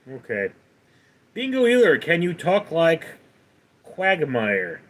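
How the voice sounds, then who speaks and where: A man's voice: a little high, huge pitch swings, slow pace, long pauses. A man hosting a casual livestream, reading viewer comments aloud and rambling with many fillers and restarts. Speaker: livestream host.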